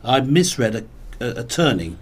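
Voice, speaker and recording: A man co-hosting a relaxed talk show, his voice sitting at an ordinary middle pitch. He spins long, meandering anecdotes and drops dry, pedantic quips along the way. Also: normal speed, a little hiss or hum. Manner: rambling storyteller with dry, pedantic wordplay. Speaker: podcast co-host. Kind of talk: casual chat.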